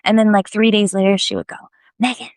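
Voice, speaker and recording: Animated woman telling a story. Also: mid-range voice, fast talker, no echo. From United States. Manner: animated, laughing, self-deprecating. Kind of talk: casual storytelling on a live video.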